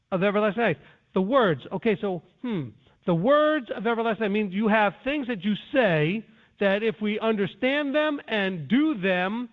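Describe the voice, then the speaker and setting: A man teaching scripture in an earnest, defensive lecturing way, with frequent restarts. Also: high-pitched. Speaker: Bible teacher. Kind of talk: conference-call teaching. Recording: tinny phone line.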